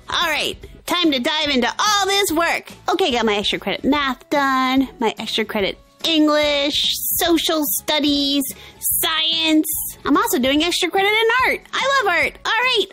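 A woman voicing a moody teenage girl with an inner red panda in toy pretend play, swinging between whiny outbursts and forced calm. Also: high voice.

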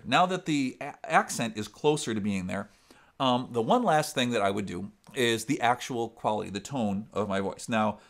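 A man with an upper Midwest American accent and a resonant voice, explaining singing technique step by step in a vocal lesson. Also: medium pitch. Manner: explains step by step, breaks into sung demonstrations. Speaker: singer and vocal coach.

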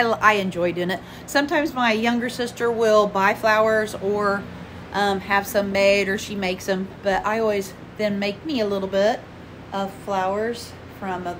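Rambling woman filming a casual home vlog on a handheld camera, with a clear hiss of noise behind her; she slips into whispers now and then. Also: medium pitch. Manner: chatty, rambling, many "um"s; drops to a whisper at times. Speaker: vlogger. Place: at home, inside and in the yard.

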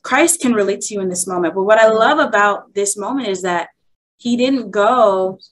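A woman's voice: mid-range voice, moderate pace, slight background noise, poor audio. A young woman speaking at a women's workshop, sharing an emotional personal testimony in a heartfelt, candid way.

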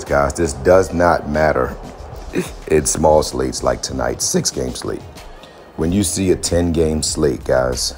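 A hoarse man who has lost his voice, deep and gruff, hosting a chatty fantasy basketball breakdown and often calling his viewers "guys". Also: darkish tone. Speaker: fantasy sports host.

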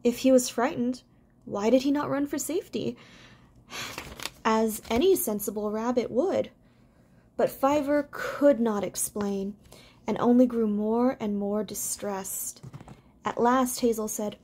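A woman doing amateur audiobook narration, gentle and unpolished, with small stumbles. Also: fairly high pitch, a little slow.

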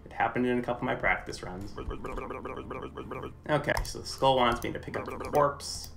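A man's voice: medium pitch, moderate pace, creaky. A young man doing chatty live gameplay commentary for a charity stream, reading game dialogue aloud.

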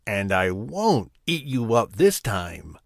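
A man's voice: on the low side, sing-song, slow pace, vocal fry, no room sound, clean studio sound, exaggerated voice. A man voicing a hungry, boastful tiger in a children's story, threatening and vain.

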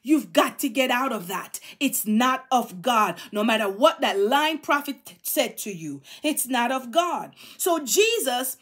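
A middle-aged woman delivers a sermon with fervent, exhorting energy. Her voice sits high, and she drives her points home by repeating phrases again and again. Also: lively intonation, unhurried, hardly any pauses, fairly bright tone. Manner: fervent, exhorting, emphatic repetition. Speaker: preacher.

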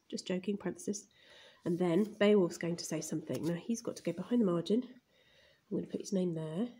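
Primary teacher, woman, dark gravelly voice, murmurs each word as she writes it on camera. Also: on the low side. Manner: murmurs and whispers words as she writes them. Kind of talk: recorded writing lesson, narrating while writing. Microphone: phone camera filming the page.

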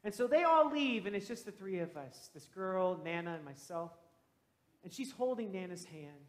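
A man who is a pastor, telling a story, growing hushed and then loud as the story turns. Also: high voice, big pitch swings, moderate pace. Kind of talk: storytelling sermon. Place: church sanctuary. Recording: echoey church room.

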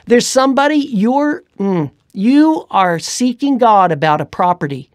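A woman preaching on a radio show, fervent and exhorting, often dropping to a hushed whisper. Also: on the high side, lively intonation, a little slow, no echo, clean studio sound. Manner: fervent, swings between loud urging and hushed whispers.

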